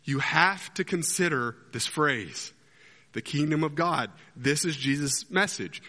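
A man preaching a sermon as pastor, an animated storyteller who acts out scenes as he talks. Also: a little high, measured pace. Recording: long hall reverb.

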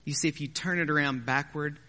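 Higher-voiced male preacher in a reverberant hall. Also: fairly even intonation, a little fast, sharp tone. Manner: conversational preaching with joking asides. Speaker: pastor. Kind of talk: sermon.

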